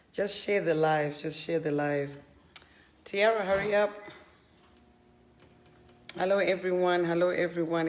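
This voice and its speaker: A woman hosting a live stream from her home, greeting viewers by name one after another and often repeating herself while setting up. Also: lowish voice. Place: home living area set up as a studio.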